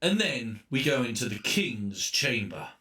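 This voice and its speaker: A male gaming streamer chatting casually on a live stream. He rambles and cuts himself off as he goes, in a voice of ordinary pitch. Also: very animated, a little slow, bright, forceful tone. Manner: rambling, self-interrupting chatter.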